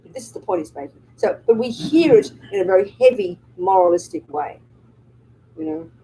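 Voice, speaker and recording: A woman's voice: mid-range voice, big pitch swings, brisk, vocal fry, warm tone, slight background noise, low-quality recording. A woman Buddhist nun giving a live dharma talk, speaking emphatically and often checking with the audience through rhetorical and tag questions.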